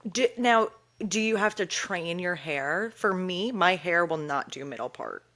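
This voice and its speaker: A woman in her thirties co-hosting a podcast, chatting casually and reacting quickly. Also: lowish voice, animated, a bit bright. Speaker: podcast co-host. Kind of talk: casual chat.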